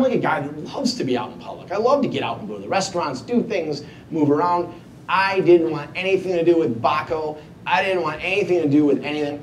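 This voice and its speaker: Male keynote speaker, animated storyteller who plays out his own thoughts, distant mic with a faint low rumble. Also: roomy sound. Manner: self-mocking humor. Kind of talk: motivational storytelling speech. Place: event hall before an audience.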